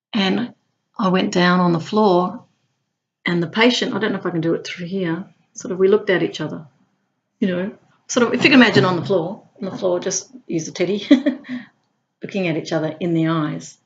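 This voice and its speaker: A woman who works as a hospital clown tells her stories playfully, now and then jumping into high squeals. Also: muffled recording. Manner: warm, playful, bursts into high squeals when acting out clowning. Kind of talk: personal storytelling.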